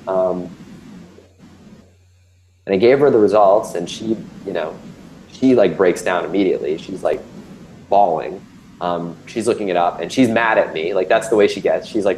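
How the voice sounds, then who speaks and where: A man's voice: sits low, fairly even intonation, moderate pace, pauses often, darkish tone, a little hiss or hum, low-quality recording. A man in his thirties, recounting a personal health scare in a candid conversational way, with lots of ums and restarts. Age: 30s. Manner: candid, filler-heavy storytelling with many ums and restarts. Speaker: guest telling his story.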